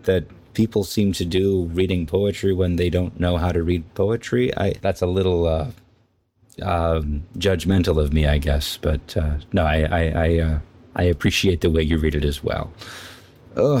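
Reflective low-voiced man, halting. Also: a little mellow. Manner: reflective, stammering, searching for words. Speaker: podcast co-host. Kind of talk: casual literary discussion.

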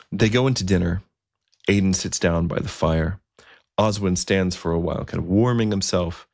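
A man with a very low, gravelly voice tells a story in a relaxed, conversational way. He adds asides and fillers as he goes. The sound is close and dry. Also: moderate pace, no room sound. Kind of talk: storytelling narration.

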